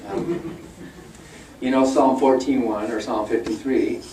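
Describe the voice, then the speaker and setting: An older man gives a chatty guest lecture full of fillers and stories. His voice is mellow and low-key. He sounds distant from the mic, in a roomy, echoing hall. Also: unhurried, a little hiss or hum. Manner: conversational storytelling, with many fillers; mimics opponents in a raised, mocking voice. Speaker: guest speaker. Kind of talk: public lecture. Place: lecture room at a university event.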